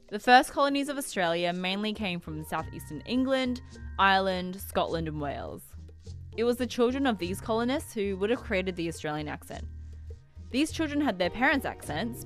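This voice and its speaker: A woman reading scripted narration for an explainer video in an even, informative way. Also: mid-range voice.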